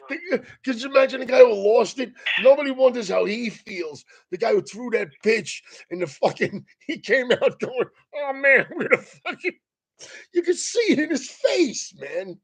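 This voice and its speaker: A man with a high, husky voice rants casually like a comedian. He swears constantly and laughs his way through his sentences. The delivery is loose, animated and profane. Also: normal speed.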